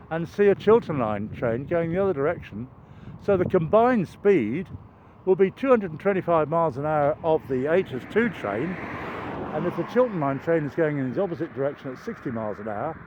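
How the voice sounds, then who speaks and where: An older man vlogging on an outdoor walk, chatty and meandering, with bursts of excitement. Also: a little high. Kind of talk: rambling walking vlog. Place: outdoors near a railway. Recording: dull lo-fi outdoor recording with traffic noise.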